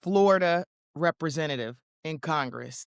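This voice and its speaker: A woman hosting a commentary show, talking in animated, slangy, mocking as she reacts to clips. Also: deep voice, moderate pace, gravelly, clear, resonant tone, no room sound, clean studio sound. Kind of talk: casual commentary on news clips.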